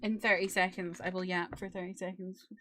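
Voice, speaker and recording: A woman's voice: on the low side, little pitch movement, fairly quick, sharp tone, slight background noise. A woman streamer with a British accent that drops her T's, chatting casually and giggling between games at a desk microphone. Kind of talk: casual live-stream chat. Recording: faint music behind.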